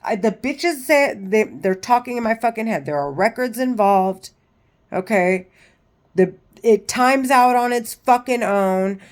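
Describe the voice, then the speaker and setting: A woman with a fairly high voice talks straight into her camera in a loose, rambling vlog. She is agitated and swears constantly, circling back and restarting her sentences. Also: animated, a little slow. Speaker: vlogger. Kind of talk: casual rambling monologue.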